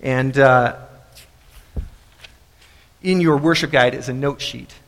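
A man's voice: mid-range voice, fairly even intonation, takes it slowly, big-room sound, slight background noise. A male pastor giving a sermon in a church, talking in a loose, conversational way full of fillers and restarts. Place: church sanctuary.

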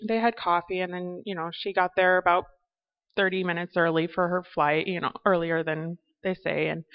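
A woman sharing a personal testimony, telling an animated travel story that turns into a reflection on faith. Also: lowish voice, highs cut off.

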